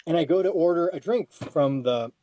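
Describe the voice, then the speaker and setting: A man on a podcast tells a rambling personal story, restarting sentences and leaping up in pitch when he gets excited. His voice sits a bit high for a man. The sound is dry and close, with no room echo. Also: moderate pace. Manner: animated, jumps to high excited quoted lines; frequent restarts and repetitions. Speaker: podcast guest. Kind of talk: casual storytelling.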